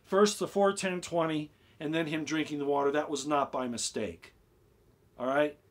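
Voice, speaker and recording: Excitable man talking on a live stream. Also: a little high, moderate pace. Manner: excitable, repeats himself, asks the chat "okay?". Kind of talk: casual live stream explanation.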